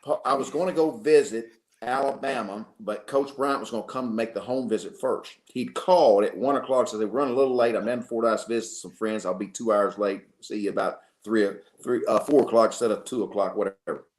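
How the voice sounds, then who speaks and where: A man from Arkansas, a football coach telling lively stories as an interview guest. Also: on the low side, fairly quick, few pauses. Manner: animated storyteller, acts out quotes. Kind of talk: storytelling in a radio interview.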